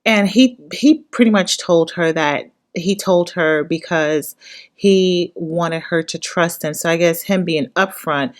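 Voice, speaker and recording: A woman giving blunt, animated commentary on a reality show, often talking straight to the people on it. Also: fairly low pitch, takes it slowly.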